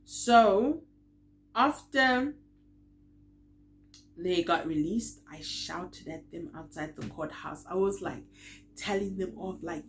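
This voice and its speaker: A tired woman tells a story to her viewers in a slightly low voice. She talks in a chatty way with lots of fillers and acts out the quoted lines, swinging from soft to loud. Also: a little slow, slight background noise. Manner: chatty, full of fillers like "like" and "you know". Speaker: vlogger. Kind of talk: casual storytime vlog.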